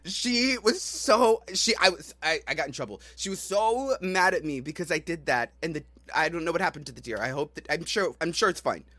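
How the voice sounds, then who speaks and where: A man's voice: on the high side, expressive, brisk, few pauses, bright, forceful tone, no echo. A man co-hosting a podcast, telling stories in a rambling, laughing way with lots of fillers. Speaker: podcast co-host. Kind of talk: casual chat, storytelling.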